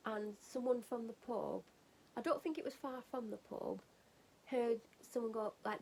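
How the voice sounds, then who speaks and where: A woman's voice: fairly high pitch, normal speed, vocal fry, darkish tone, a little hiss or hum, poor audio. A woman vlogging at home while getting ready for bed, telling a rambling funny story in a casual chatty way and laughing at it.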